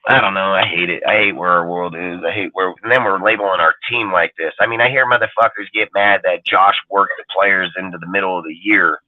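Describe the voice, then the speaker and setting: A man's voice: low voice, fairly even intonation, a little fast, hardly any pauses, no echo. A man ranting in casual talk, blunt and profane, leaning on "dude" and "like" as he talks. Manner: blunt, heavy swearing, repeats "dude" and "like". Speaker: podcast co-host. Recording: tinny phone-line sound, dry.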